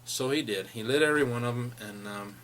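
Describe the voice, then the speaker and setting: Bright-voiced man telling old stories. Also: mid-range voice, brisk, slight background noise. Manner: rambling, laughing as he reminisces. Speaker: friend sharing memories. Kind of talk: personal storytelling.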